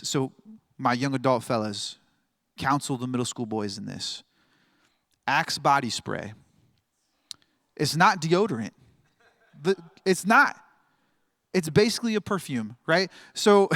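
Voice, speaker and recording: A man's voice: a little high, no room sound, studio quality. A man in his thirties giving a casual, rambling sermon as a pastor, joking and laughing often.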